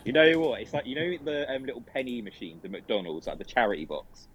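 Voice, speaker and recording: A man's voice: medium pitch, very animated, fairly quick, muffled recording, slight background noise. A man, a podcast co-host, chatting casually with cheeky jokes. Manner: joking, cheeky banter. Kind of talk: casual chat.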